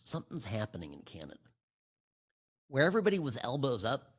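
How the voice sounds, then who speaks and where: A male podcast host giving sarcastic, animated political commentary. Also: mid-range voice, moderate pace, slightly rough.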